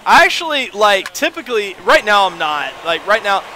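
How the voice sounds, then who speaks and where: This man's voice is high and very animated, bright and pushed, at a moderate pace with slight background noise. He's streaming a video game, rambling casually to his viewers and reading chat aloud.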